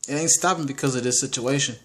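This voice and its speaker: A man's voice: mid-range voice, fast talker, fairly bright tone. A man giving a casual, rambling movie review, full of restarts and slang.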